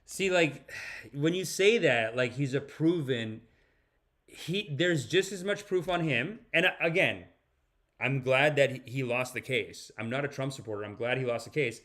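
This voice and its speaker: A man's voice: medium pitch, moderate pace, fairly bright tone. A man hosting a live-stream podcast, reacting to videos and chat comments in a rambling way with frequent restarts. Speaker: podcast host.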